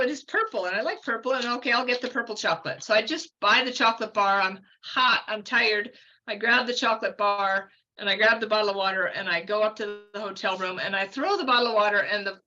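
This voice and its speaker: Woman, 50s, podcast guest; bright, slightly high voice; rambling, chatty storyteller; slightly dull audio. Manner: chatty, meandering, full of fillers and asides. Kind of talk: casual storytelling.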